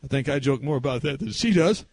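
A man, a pastor in middle age, tells stories from the pulpit at a camp meeting. His voice sits high for a man, and the sound is dry and close with little room in it. He preaches with lively energy and slips into the voices of the people in his stories. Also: quick pace, gravelly, husky, no echo. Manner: animated, acts out quoted voices. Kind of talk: storytelling sermon.

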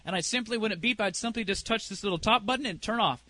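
A man's voice: sits high, fast talker, sharp tone, dry recording. A middle-aged man preaching a sermon as a preacher and singer, telling a personal story in a conversational way and asking the congregation questions.

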